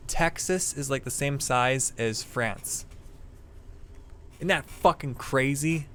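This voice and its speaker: A man's voice: medium pitch, takes it slowly, fairly bright tone, slight background noise. A man with a Midwestern American accent, chatting casually with viewers while streaming a game, rambling and swearing freely. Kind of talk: casual live-stream chat.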